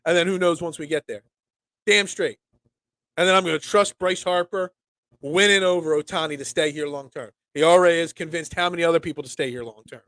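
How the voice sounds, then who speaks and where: A young man hosting a casual solo sports talk show, rambling and animated with lots of restarts. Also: on the high side, a little fast, no room sound.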